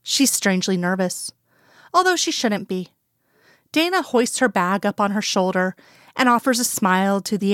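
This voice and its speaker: A woman reads a fanfiction story aloud in an even, unhurried storytelling voice. Her tone is smooth and resonant, recorded dry and close with no room around it. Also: mid-range voice, no echo. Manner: calm storytelling, plain voices for quoted characters. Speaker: fanfiction reader. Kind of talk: scripted narration.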